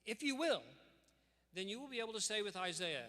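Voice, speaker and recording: A man delivers a formal commencement address, earnest and emphatic, with the cadence of a preacher. His voice sits fairly high and has a bright, forceful edge. It rings out with the long reverb of a large church sanctuary. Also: very animated, moderate pace, long pauses. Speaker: school administrator giving commencement address. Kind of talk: formal commencement speech with scripture reading.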